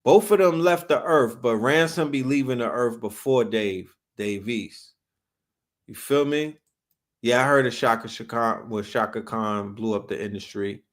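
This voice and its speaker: A man from New York hosts a casual livestream and chats about hip hop. He talks in loose street slang and reacts to what the chat says. His voice sits at a middle pitch for a man. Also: unhurried. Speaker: livestream host.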